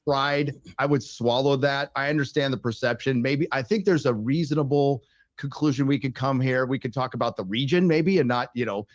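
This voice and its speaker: A man speaking as a debate panelist in a played clip, hesitant and halting with fillers. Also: medium pitch, no room sound. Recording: dull clip audio.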